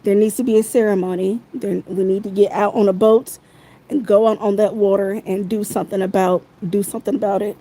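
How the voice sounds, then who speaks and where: Woman going off on a phone live, angry and cussing, says stuff over and over, warm mellow voice. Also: mid-range voice, steady tone, brisk, low-quality recording. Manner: heated, profane, repeats phrases. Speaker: livestreamer. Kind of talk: angry livestream rant.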